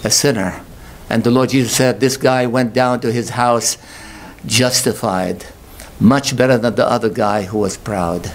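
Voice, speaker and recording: A male pastor delivering a sermon, questioning his congregation and rising to slow, emphatic peaks. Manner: impassioned, swells to high emphatic peaks, slow drawn-out stresses; calls out rhetorical questions to the congregation.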